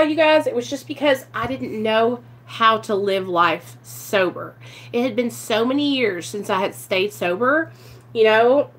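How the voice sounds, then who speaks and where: Teary, heartfelt woman vlogging. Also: a little high. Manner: emotional, teary, sighing often, talks straight to viewers. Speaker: vlogger sharing her recovery story. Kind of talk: casual confessional vlog. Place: at home.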